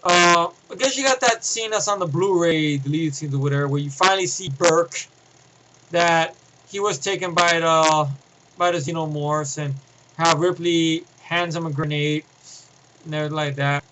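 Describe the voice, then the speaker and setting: A man giving a casual, rambling film review, excitable and profane, often restarting his sentences. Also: a little high, normal speed, slight background noise, low-quality recording.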